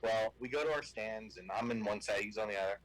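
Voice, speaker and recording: A man's voice: fairly low pitch, quick pace, dry recording, poor audio. A man telling a funny hunting anecdote as a guest on a casual show. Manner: animated anecdote teller. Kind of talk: casual storytelling.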